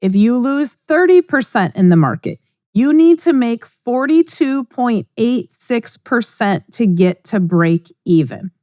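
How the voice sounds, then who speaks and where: A woman's voice: fairly high pitch, animated, a little slow, a little mellow, no echo, clean studio sound. A middle-aged woman hosting a podcast, talking in a blunt, emphatic, conversational monologue. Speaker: podcast host. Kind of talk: casual monologue.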